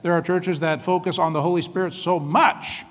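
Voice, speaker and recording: A man preaching a sermon as pastor, lively, often laughing and calling out to the congregation. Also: high-pitched, moderate pace, in a large hall. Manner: lively, laughing often, calls out "come on" and "right?".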